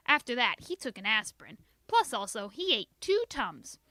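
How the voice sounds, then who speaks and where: High, lively woman reading a children's book. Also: normal speed, hardly any pauses, no room sound. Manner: expressive, sing-song storytelling. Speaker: reader. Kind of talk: children's book read-aloud narration.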